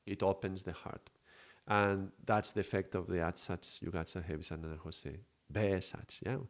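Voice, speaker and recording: Low-voiced man teaching in a meandering way. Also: steady tone, brisk. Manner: explanatory, searching for words, checks in with "yeah?". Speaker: Kundalini yoga teacher. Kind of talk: live spiritual teaching talk.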